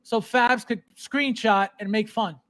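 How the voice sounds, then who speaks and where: A man hosting a casual podcast, ranting in a mocking, animated way. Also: sits high, measured pace. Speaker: podcast host.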